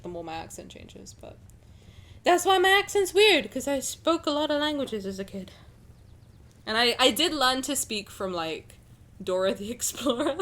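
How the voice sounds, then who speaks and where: Chatty young Englishwoman streamer, bright voice. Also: medium pitch. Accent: southern English, slightly transatlantic. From England. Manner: rambling, chatty, lots of "like" fillers. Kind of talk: casual chat with live stream chat.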